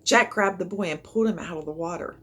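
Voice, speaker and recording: A woman reading a children's chapter book aloud in an expressive storytelling manner. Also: lowish voice, fast talker, a little hiss or hum. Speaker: reader.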